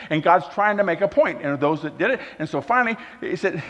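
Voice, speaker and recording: Folksy, animated male preacher. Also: on the high side, fairly quick, few pauses. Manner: folksy, animated, swings from loud emphasis to quiet asides. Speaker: guest speaker at a church. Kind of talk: sermon. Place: church hall. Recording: dull recording with long hall reverb.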